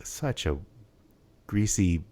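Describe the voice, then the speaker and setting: Low-voiced rambling man. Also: expressive, slow, a little mellow. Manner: rambling, hesitant, many restarts and fillers. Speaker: podcast co-host. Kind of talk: casual chat.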